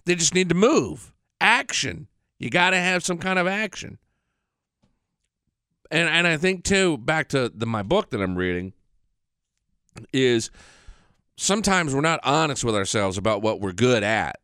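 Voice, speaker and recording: A man hosting a podcast, talking in a rambling, frank casual monologue, congested and clearing his throat from allergies. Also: fairly high pitch, fairly bright tone, no room sound, clean studio sound. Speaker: podcast host. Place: studio.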